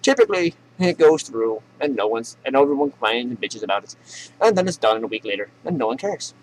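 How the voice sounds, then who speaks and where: A man's voice: medium pitch, sing-song, fairly quick, slight background noise, low-quality recording. A man hosting a comedy news show, ranting sarcastically and profanely and laughing at his own jokes.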